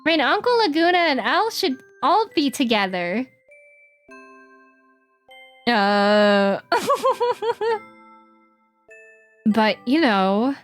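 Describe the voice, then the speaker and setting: Playful high-voiced woman streamer. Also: very animated, soft background music. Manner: playful, reads game text in quick put-on voices. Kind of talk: casual game stream, reading dialogue aloud.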